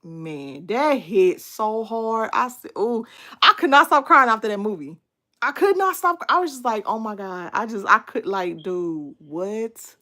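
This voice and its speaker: A young adult woman chatting casually with viewers during a livestream, animated and talkative, thanking people by name and sliding into baby talk with her son. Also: on the high side, a little slow. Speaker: livestream host.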